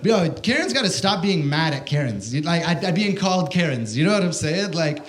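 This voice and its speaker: A man's voice: a little high, very animated, fairly quick. A young man doing stand-up comedy, telling a story in a brash, profane, slangy way and calling people "bro.". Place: comedy stage before a live audience.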